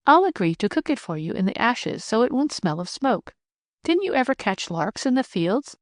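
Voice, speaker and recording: A woman reading the part of a kind, practical young peasant girl in an audiobook, speaking briskly and teasing gently. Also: fairly high pitch, big pitch swings, no room sound, clean studio sound, pitched above the performer's own voice.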